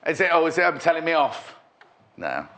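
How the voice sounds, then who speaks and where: Male shopping tv host, northwest england, chatty and teasing, slightly high voice. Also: huge pitch swings, fairly quick, a bit bright. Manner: chatty, teasing, reads viewer messages aloud. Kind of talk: live studio chat.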